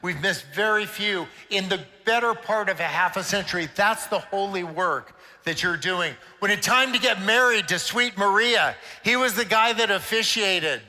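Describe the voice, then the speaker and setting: A man's voice: high voice, normal speed, sharp tone. An older man giving an inspirational talk to a conference of church leaders, a playful, joking storyteller. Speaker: conference speaker. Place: conference stage in a large hall. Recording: long reverb of a large hall.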